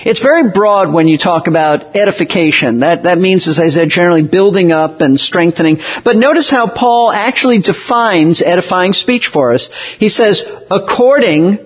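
High-voiced husky male preacher. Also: lively intonation, muffled recording. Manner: earnest, measured preaching with emphatic slowdowns. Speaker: pastor. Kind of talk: sermon.

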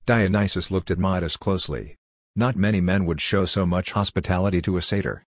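A man's voice: low voice, a little fast, no echo, clean studio sound. A man narrating a scripted storybook in a plain, lightly humorous way.

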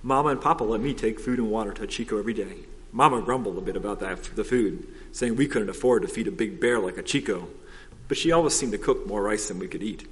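Male storybook narrator, steady, expressive, long hall reverb. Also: on the low side, fast. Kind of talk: storybook reading aloud.

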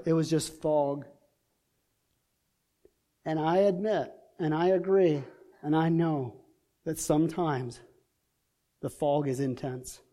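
A man's voice: a little high, mellow. A man preaching a sermon in an impassioned way, building through repeated rhetorical questions.

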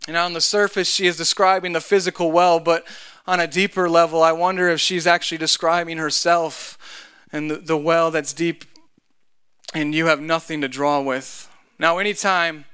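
Man pastor, smooth resonant voice pitched a little high, chatty sermon delivery. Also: level tone, moderate pace, bright, forceful tone. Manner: conversational, joking asides.

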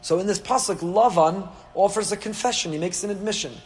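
A man's voice: sits high, fairly quick. A man teaching a Torah class, asking rhetorical questions and dropping dry asides. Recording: echoey hall with faint hum.

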